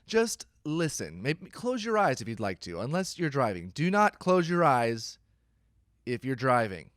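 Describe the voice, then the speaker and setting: A man's voice: mid-range voice, very animated, a little slow, a bit bright, no echo. Chatty man hosting a church podcast, dry close sound. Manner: chatty, playful, self-deprecating. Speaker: podcast host. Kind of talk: casual church podcast intro. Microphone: close studio microphone.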